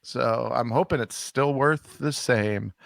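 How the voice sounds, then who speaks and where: A man with a mid-pitched voice co-hosting a comedy podcast, talking in a halting, deadpan way full of fillers. The sound is dry and close, with no room around it. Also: gravelly, no room sound. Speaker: podcast co-host. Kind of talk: casual chat. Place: Texas.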